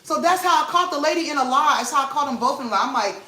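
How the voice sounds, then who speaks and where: A woman vlog host, telling an animated, emphatic story to her viewers and repeating lines for effect, at home in her kitchen. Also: sits high, racing, few pauses. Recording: roomy echo with faint noise.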